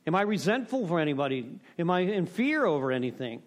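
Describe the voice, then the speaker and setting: A man's voice: a little high, very animated, fast. A middle-aged man giving a candid, rambling talk on recovery steps, full of self-deprecation and "you know.". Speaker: recovery meeting speaker.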